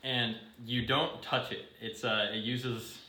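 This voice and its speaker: Bright, eager man in an echoey room. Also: little pitch movement, slow pace. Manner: eager, enthusiastic pitching of an idea. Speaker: podcast guest. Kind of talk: casual chat among friends.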